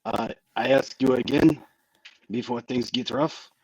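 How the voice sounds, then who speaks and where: A man voicing a short, stocky Frenchman vampire hunter in a deliberately bad French accent, blunt and low. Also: a little mellow, slightly rough, no echo, rough recording. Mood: menacing. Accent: fake French accent, deliberately bad. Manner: blunt, menacing, low and clipped.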